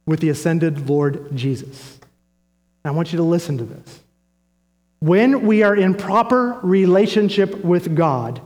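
A man's voice: on the high side, a little mellow. A male pastor preaching a sermon, emphatic and repetitive, posing questions to his congregation. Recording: long reverb of a large hall.

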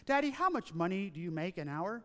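A man reading the lines of an earnest five-year-old boy who softly pleads with his father. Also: high voice, sing-song, brisk, long reverb tail, pitched below the performer's own voice. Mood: pleading.

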